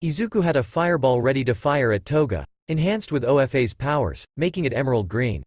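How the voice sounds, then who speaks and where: A man's voice: mid-range voice, very animated, brisk, a little mellow, no echo, studio quality. A man narrating a fan-fiction story and reading every character in much the same voice. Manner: reads every character in one voice.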